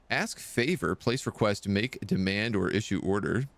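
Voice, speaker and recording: A man talks through a video game stream, his pitch jumping up and down as he chats and reads the on-screen lines aloud. The sound is dry and close to the mic. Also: animated, moderate pace, gravelly, no echo. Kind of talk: casual game commentary.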